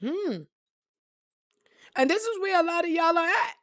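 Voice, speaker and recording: A woman giving a blunt, profane motivational monologue, repeating phrases and swinging between loud outbursts and low, reflective tones. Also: expressive, measured pace, dry recording, studio quality. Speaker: spiritual reader and motivational vlogger.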